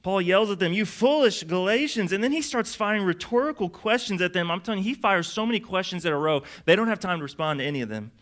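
A man's voice: sits high, expressive, fast talker, hardly any pauses, fairly bright tone. A young adult man preaching a sermon as pastor, in a casual, conversational way with lots of fillers.

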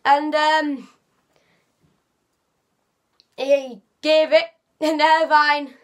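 A woman's voice: high-pitched, a little slow, pauses often, a bit bright. A woman giving a casual, rambling football match reaction as a fan vlogger, often correcting herself.

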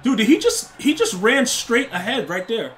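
A man's voice: very high-pitched, wildly swooping pitch, normal speed, fairly bright tone. A young man live-streaming a game, chatting casually with his viewers and trash-talking opponents in loose slang. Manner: slangy, rambling, talks to chat and opponents.

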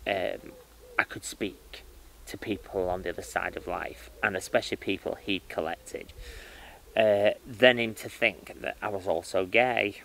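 A man who works as a spiritual medium, telling his life story in an interview with lively starts and restarts. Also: fairly low pitch, creaky, low-quality recording. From United Kingdom. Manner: animated storytelling with many restarts and fillers.

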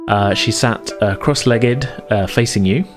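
Low-voiced male game master, relaxed narration, lots of fillers, music underneath. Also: measured pace. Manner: casual, many uh fillers, easygoing. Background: background music.

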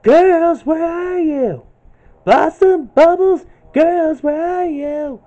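A man's voice: extremely slow, warm tone, lo-fi sound, exaggerated voice. A man doing a tough little cartoon superhero girl, calling out. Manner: high strained falsetto calling out.

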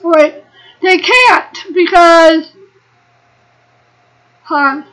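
Woman in her 20s, very high and unhurried, excitable let's-play commentator who talks to the characters. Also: rough recording. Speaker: gaming video creator.

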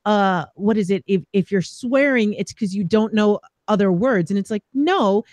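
A woman's voice: medium pitch, moderate pace, a little mellow, no echo. A woman co-hosting a casual panel chat and reading out viewer comments, chatty with many fillers. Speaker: co-host reading the live chat.

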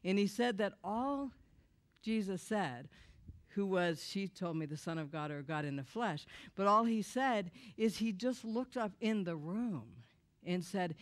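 A woman's voice: medium pitch, animated, a little slow. A woman giving a personal testimony to a church audience, candid and emotional with wry humor.

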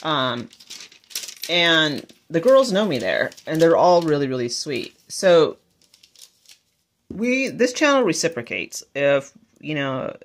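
A woman's voice: sits low, sing-song, slow pace. A woman vlogger chatting casually and gushing as she shows off her shopping haul. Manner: bubbly, chatty, gushing over finds. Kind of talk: casual haul vlog chat.

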